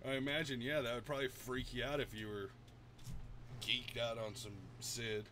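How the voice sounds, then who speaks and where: A man's voice: mid-range voice, steady tone, normal speed, noisy background. A man chatting casually while streaming a game, laid-back, swearing often and laughing a lot. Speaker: gaming streamer. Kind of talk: casual chat while gaming.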